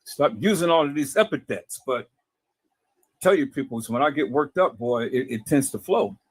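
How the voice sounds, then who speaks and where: A man's voice: mid-range voice, lively intonation, normal speed, husky, dry recording. A man talking to his viewers in a casual, preachy way, often stammering and repeating words. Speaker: video host.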